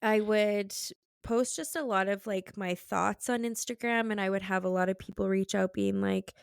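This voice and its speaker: A woman's voice: medium pitch, steady tone, normal speed, creaky, clear, resonant tone, no echo, clean studio sound. Candid, chatty young woman host. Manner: candid and chatty, frequent "like" fillers, laughs easily. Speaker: podcast host. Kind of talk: casual conversational interview.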